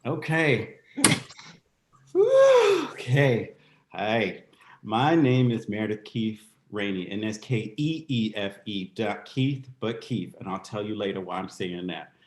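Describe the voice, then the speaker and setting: Soft-spoken man in his fifties, roomy sound. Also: fairly low pitch. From United States. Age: 50s. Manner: soft-spoken, halting, storytelling. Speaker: guest dancer. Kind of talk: casual video-call interview. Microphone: video call. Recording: roomy echo.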